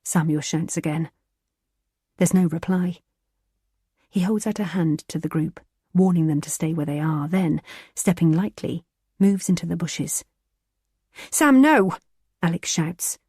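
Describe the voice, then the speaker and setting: A woman reading a thriller audiobook in a tense, measured narrating style. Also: on the low side, mellow, husky, no room sound, studio quality.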